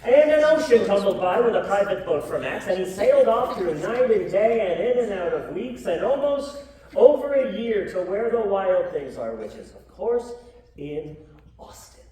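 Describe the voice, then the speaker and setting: A woman's voice: mid-range voice, normal speed. Woman telling a story live, voice jumps all over, echoey room, mic far off. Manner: animated, joking asides, coaxing the crowd. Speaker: storyteller, comedian. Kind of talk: live comedic storybook reading with audience participation. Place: live show venue with audience.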